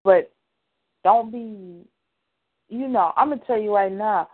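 Woman co-host, mid-pitched, emphatic and direct, thin phone-like audio. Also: measured pace. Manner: emphatic, addresses listeners directly. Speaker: radio show co-host. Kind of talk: casual chat. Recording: tinny phone-like sound.

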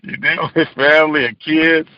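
A man's voice: on the high side, fairly even intonation, normal speed, no room sound. A tired man hosting a call-in prayer line. He laughs often and keeps saying amen between phrases. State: tired from lack of sleep. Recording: muffled phone call audio.

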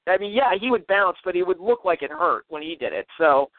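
A man's voice: high voice, animated, no echo. Hedging man on a tinny line. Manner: measured, hedging with "I don't know". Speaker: podcast co-host. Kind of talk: casual chat. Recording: tinny phone-like line, dry.

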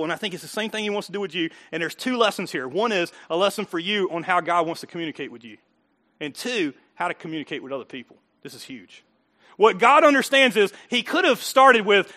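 A man preaching a sermon, his voice pitched high and ringing bright. He talks in a folksy, emphatic way, dropping to quiet asides and then swelling into loud, driving bursts. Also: expressive, brisk. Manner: folksy, emphatic preaching with rising outbursts and chuckles. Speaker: pastor.

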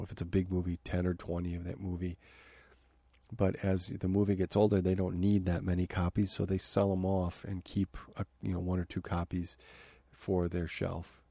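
A podcast host talks from his home office in a low, flat, gravelly voice. He rambles loosely through his thoughts. The sound is dark, husky and dry. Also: no room sound. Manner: rambling, many fillers and restarts. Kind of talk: casual review talk.

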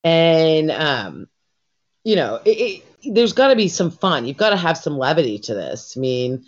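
A woman's voice: low-pitched, sing-song, measured pace. A woman co-hosting a podcast in casual chat, rambling and swearing freely, with lots of fillers. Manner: rambling, profane, many fillers. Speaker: podcast co-host. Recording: dull lo-fi recording.

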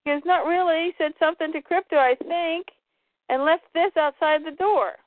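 A woman with a somewhat high voice recaps a comic book story on a casual podcast. She quotes the characters' lines, shifting her voice a little for each. The sound is dry and tinny, like a phone line. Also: normal speed, no room sound. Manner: retells the story, quoting characters in lightly changed voices. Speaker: podcast co-host.

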